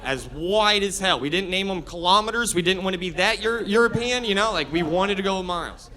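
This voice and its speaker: A man in his thirties doing a stand-up comedy set, brash and building into shouted rants. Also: high voice, a little fast. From Florida. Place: comedy club stage with audience laughter.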